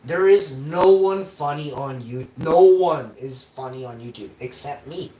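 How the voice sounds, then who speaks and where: A man on a casual livestream, cooking in his kitchen and swearing constantly as he rants, with sudden loud outbursts. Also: on the high side, measured pace, crowd noise. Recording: roomy with faint background hum.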